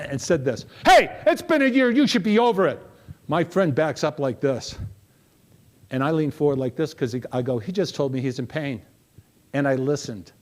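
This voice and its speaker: A middle-aged man giving a live motivational keynote, telling stories animatedly and asking the audience questions. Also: a little high. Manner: animated storytelling, asks the crowd questions. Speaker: motivational speaker.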